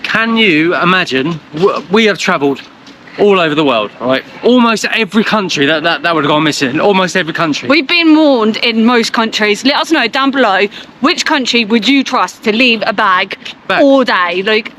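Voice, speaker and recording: Man vlogger, high bright voice, excited and stammering, faint traffic behind. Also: normal speed. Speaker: travel vlogger. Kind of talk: casual travel vlog chat.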